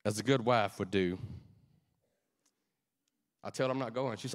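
A man's voice: fairly low pitch, moderate pace. A male preacher delivering a fervent, conversational sermon that turns to emotional personal storytelling.

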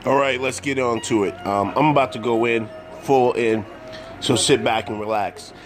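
A man's voice: mid-range voice, steady tone, moderate pace. Indignant man ranting over music. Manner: indignant, repetitive, emphatic. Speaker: commentary vlogger. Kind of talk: angry social commentary rant.

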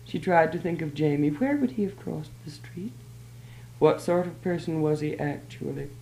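Low, gravelly woman reading her story. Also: mellow. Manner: measured, plain narration. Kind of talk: literary reading. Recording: roomy old archive recording.

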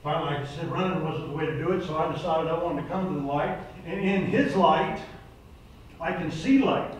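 A man's voice: fairly high pitch, a little fast, a little hiss or hum. An older man preaching a sermon to a recovery program group, earnest and plain-spoken, rising to urgent exhortation. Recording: echoey room, voice from far off mic.

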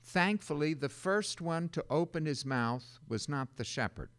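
An older man preaching a sermon in an animated way, slipping into loud mock-panicked voices. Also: on the high side, a little slow. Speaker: pastor.

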